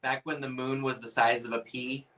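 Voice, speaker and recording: A man co-hosts a casual chat, teasing and wisecracking as he goes. His voice is bright and sharp, and his normal-pitched tone comes from a little back from the mic. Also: little pitch movement, normal speed, distant mic, slight background noise. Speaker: co-host.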